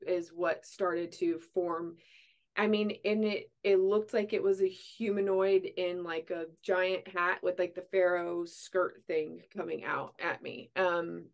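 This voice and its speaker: A woman hosting a casual podcast, with a lower voice than most women. She rambles through her thoughts and leans on "like" and "um" as she goes. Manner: chatty, rambling, many likes. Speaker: podcast host. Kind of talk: casual chat.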